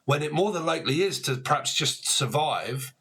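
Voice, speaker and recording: A man's voice: on the high side, expressive, moderate pace, bright, forceful tone, breathy edge. A man giving a casual tarot reading to camera, rambling, swearing freely and laughing at himself. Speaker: tarot reader.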